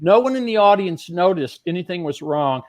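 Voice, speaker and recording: Middle-aged man, high-pitched, animated storyteller who slips into other people's voices. Guest-magician energy. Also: moderate pace. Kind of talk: telling a backstage anecdote.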